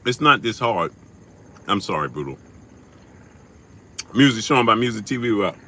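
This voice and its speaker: A man's voice: on the low side, sing-song, normal speed, pushed and bright, a little hiss or hum. A man hosting a casual livestream, reading out viewer names and super chats in a slangy, laid-back way, sometimes chewing as he talks. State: chewing while talking. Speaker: livestream host. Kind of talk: casual live-stream chat, reading out viewer shout-outs.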